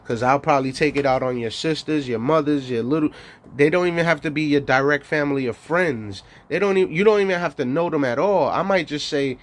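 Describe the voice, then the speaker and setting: A man's voice: a little high, fairly quick. Profane man laughing through a rant. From New York. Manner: boastful, profane, laughs often between lines. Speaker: streamer. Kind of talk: rambling monologue.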